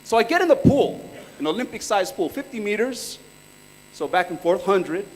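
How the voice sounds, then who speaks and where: A man's voice: high-pitched, lively intonation, normal speed, a little hiss or hum. A man in his thirties from California, giving a casual, chatty workshop talk full of slang and stories. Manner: laid-back, chatty storytelling with slang. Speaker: workshop speaker. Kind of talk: casual live presentation. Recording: reverberant hall.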